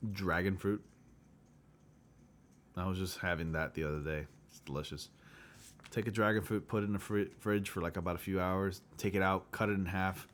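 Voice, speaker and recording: A man's voice: low-pitched, a little hiss or hum. A man hosting a casual livestream chat, rambling with lots of filler words and chuckling often. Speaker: livestream host.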